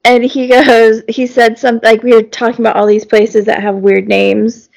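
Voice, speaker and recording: A woman's voice: fairly high pitch, level tone, normal speed, gravelly, darkish tone. A woman telling rambling stories in a casual chat, often breaking into laughter. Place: lives in Georgia.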